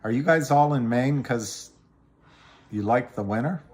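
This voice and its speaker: A man's voice: medium pitch, measured pace, a little mellow. A middle-aged man hosting a casual livestream, rambling and self-deprecating as he talks through trades and answers viewer comments. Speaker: livestream host. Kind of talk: casual livestream chat about stocks.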